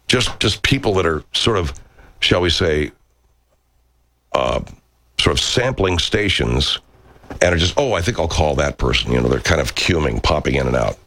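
Gravelly, very deep-voiced middle-aged man. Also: dry recording. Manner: rambling, profane and animated. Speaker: radio talk show host. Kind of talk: casual live chat answering viewer comments.

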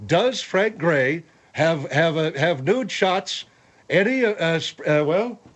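A man's voice: a little high, lively intonation, takes it slowly, a bit bright, heavily acted. A man voicing a nosy, hesitant male regular who pries and hems in comedic talk radio role-play. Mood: prying. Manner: hesitant, prying.

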